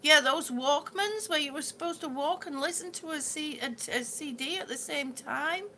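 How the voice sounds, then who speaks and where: A high-pitched, gravelly middle-aged woman chats live with her viewers in a bright voice. She rambles, repeats herself and trips over words, laughing it off, over a faint background hiss. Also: moderate pace. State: ringing in the ears, yawning, hungry. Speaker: livestream host reading viewer comments. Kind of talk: casual live chat with viewers.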